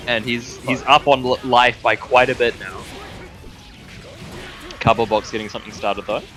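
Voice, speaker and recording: Bright-voiced man calling fighting game play. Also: medium pitch, fairly even intonation, faint music behind. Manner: quick play-by-play with dry jokes. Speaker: commentator. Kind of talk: casual esports commentary.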